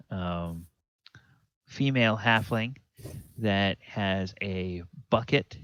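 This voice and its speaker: A man narrating a tabletop game as dungeon master, pausing often with fillers. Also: deep voice, fairly bright tone, no echo. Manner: hesitant, many fillers. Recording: dull lo-fi, dry sound.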